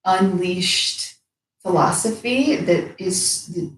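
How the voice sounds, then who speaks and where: A woman's voice: lowish voice, slow. A young woman talking candidly and emotionally in a casual heartfelt conversation, swearing freely. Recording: echoey room.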